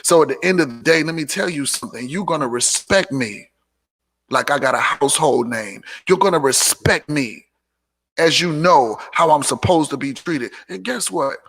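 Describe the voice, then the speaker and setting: Gravelly, emphatic man preaching self-respect. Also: on the high side, expressive, normal speed, a bit bright. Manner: preachy and emphatic, repeats lines for punch, sassy asides. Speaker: host of a live motivational talk show. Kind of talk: live motivational monologue.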